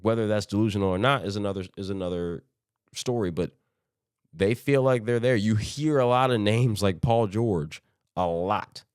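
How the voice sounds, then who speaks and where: In a studio-quality, dry recording, a man with a smooth, lowish voice talks at a moderate pace on his solo sports podcast. His delivery is rambling and chatty, with frequent sentence restarts and casual impressions of imagined teams.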